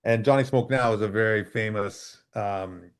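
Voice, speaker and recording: A middle-aged man from Canada, a freeride mountain biker telling lively stories as a podcast guest over a video call and acting out the dialogue. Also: lowish voice, normal speed. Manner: animated storyteller, acts out quoted dialogue. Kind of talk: casual storytelling interview.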